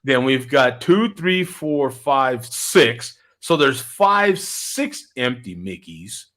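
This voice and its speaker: Animated chatty male talk host. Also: mid-range voice, takes it slowly. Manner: chatty, laughs often. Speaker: show host. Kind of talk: casual chat. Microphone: video call.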